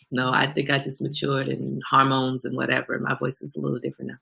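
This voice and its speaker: A woman hosting a casual livestream, answering viewer comments by name in an animated way. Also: fairly quick. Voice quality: gravelly low voice. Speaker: livestream host.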